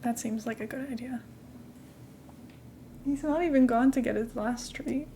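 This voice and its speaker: A young adult woman live-streams a game from home, her slightly high voice at a measured pace over a faint hiss or hum. She chats in a rambling, casual way, now and then cooing softly at her cat.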